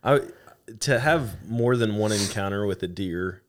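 A man's voice: fairly low pitch, a little slow. A man hosting a casual interview, mostly listening with short affirmations and adding his own thoughts. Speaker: podcast host.

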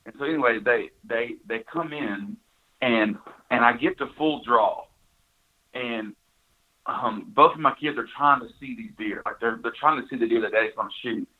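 A man's voice: mid-range voice, normal speed. A man, casually telling a hunting story, full of restarts and "you know"s. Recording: tinny phone-like line.

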